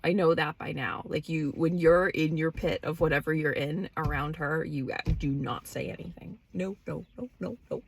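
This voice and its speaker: A woman's voice: sits low, creaky, slightly rough. A woman podcast host candidly recounting a personal story in casual, profane speech and acting out the dialogue.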